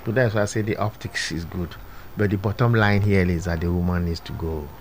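A man's voice: low voice, steady tone, a little hiss or hum. A man speaking as a guest commentator on a talk show, giving firm opinions with proverbs. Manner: deliberate, sermon-like pronouncements with proverbs. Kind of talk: studio discussion.

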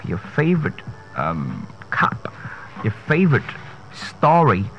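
A man's voice: lowish voice, sing-song, measured pace. A man, a speech coach giving an emphatic pronunciation lesson, repeating and spelling out words. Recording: dull lo-fi sound with faint noise.

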